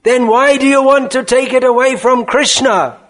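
A man voicing an elderly male guru who is furious and scolds forcefully, rising to shouts. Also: extremely high pitch, moderate pace, voice pushed up.

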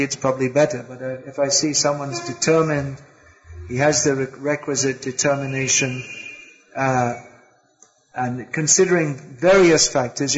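A man giving a spiritual lecture as a teacher, often stopping and restarting his sentences. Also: medium pitch. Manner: hesitant, with many restarts and fillers. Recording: dull lo-fi lecture recording.

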